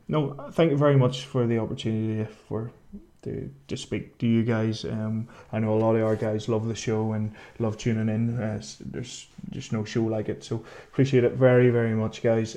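Male event organizer, low and flat delivery, halting. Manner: hesitant, lots of ums and restarts. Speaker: tournament organizer. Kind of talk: recorded thank-you message.

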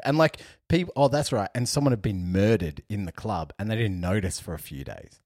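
A young man co-hosting a podcast, telling a travel story in an animated way, laughing often and acting out what people said. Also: fairly low pitch, a little fast, no echo, clean studio sound. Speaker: podcast co-host. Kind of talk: casual storytelling chat.

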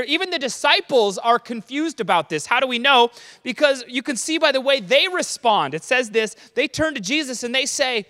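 Male preacher, very high and bright, animated and chatty, long hall reverb. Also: brisk. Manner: animated, checks in with listeners. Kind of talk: conversational sermon.

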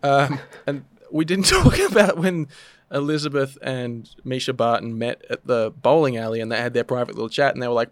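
A man chatting on a podcast, swearing and joking in an animated way. His voice sits mid-range and sounds dry and close, with no room around it. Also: medium pitch, fairly quick, no echo. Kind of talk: casual podcast chat.

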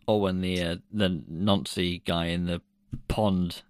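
A man's voice: low-pitched, flat delivery, slow, clean tone, dry recording, clean studio sound. A man co-hosting a podcast in casual chat, laughing often and swearing loosely. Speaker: podcast co-host.

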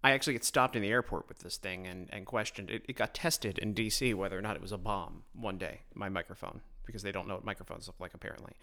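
A podcast host speaks into his own microphone, delivering a blunt, sarcastic political monologue and often stumbling and restarting sentences. His low, gravelly voice is pushed and bright, and he talks fast with hardly any pauses.

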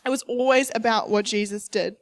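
Young woman preacher, sermon, fairly high voice, emphatic, repeats herself, acts out quotes. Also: steady tone, fairly quick. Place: church service.

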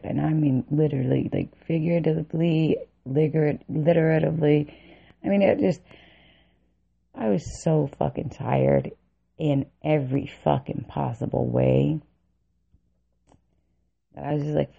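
Her voice is deep and slightly rough, with vocal fry and a somewhat slow delivery, as this vlogger swears her way through an angry account of army training and laughs bitterly. It's a tinny, phone-like recording.

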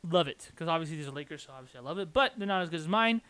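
A man's voice: on the high side, animated, rapid-fire, bright, forceful tone, smooth. A young man co-hosting a sports podcast, teasing his co-host and hyping his picks like an announcer. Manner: playful trash talk, hyped announcer bits. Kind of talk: casual sports chat.

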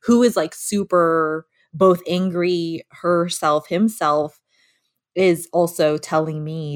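A woman's voice: on the low side, fairly even intonation, takes it slowly. A woman talking casually and animatedly as a podcast co-host, laughing often and acting out her inner voices. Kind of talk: casual conversation.

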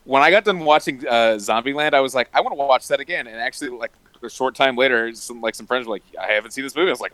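A man's voice: mid-range voice, fast, few pauses, a bit bright, poor audio. A man co-hosting a podcast, chatting casually about movies in a laid-back, easygoing way.

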